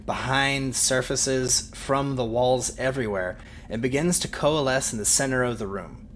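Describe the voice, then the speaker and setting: A man's voice: mid-range voice, a little slow, slight background noise. A man narrating a tabletop game as game master, describing scenes vividly and laughing often.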